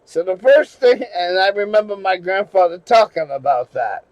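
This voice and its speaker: A man's voice: high voice, sing-song, moderate pace, no echo, low-quality recording. A man from New England telling a personal story in a rambling way, with restarts and swearing. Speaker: channel host. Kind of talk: casual storytelling monologue.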